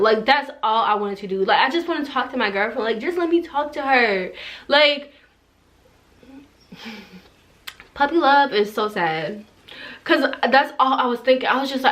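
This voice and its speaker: A young woman with a slightly high voice tells a personal story straight to her camera. She talks casually, leans on "like" a lot, and lets raw feeling come through. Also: animated, measured pace, long pauses, fairly bright tone. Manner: casual, heavy use of "like", emotional and tearful in places. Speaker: vlogger. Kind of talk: story time vlog.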